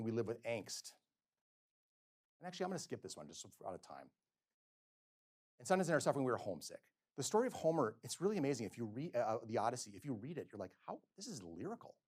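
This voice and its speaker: A middle-aged male physician giving a lecture, telling stories and acting out quotes with sudden swings between loud and soft. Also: medium pitch, sing-song, fast. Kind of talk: lecture with storytelling. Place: lecture hall.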